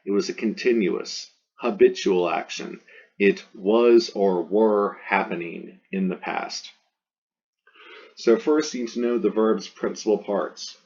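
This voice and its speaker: A man's voice: on the low side, takes it slowly, a little mellow, husky, dull audio. A man teaching a recorded Latin grammar lesson, methodically walking through verb forms and repeating them to drill them.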